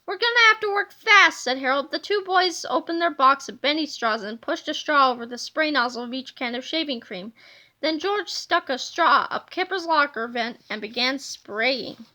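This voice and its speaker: Lady reading a kids book out loud, high voice, lively. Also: moderate pace. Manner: animated storybook reading. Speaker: reader. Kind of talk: reading a children's book aloud.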